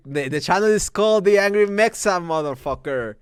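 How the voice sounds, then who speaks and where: Man, high pitch, swooping animated delivery, heated profane rant, movie review host. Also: a little fast, few pauses, clean tone, no room sound, clean studio sound. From Mexico.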